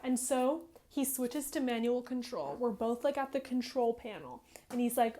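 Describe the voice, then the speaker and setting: A young woman in her twenties tells a game's plot to her viewers in a fairly high, bubbly voice. She fills nearly every phrase with "like" and builds up the drama breathlessly, as if reliving each twist. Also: fairly even intonation, normal speed, hardly any pauses, mellow. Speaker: gaming vlogger. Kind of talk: casual excited game retelling.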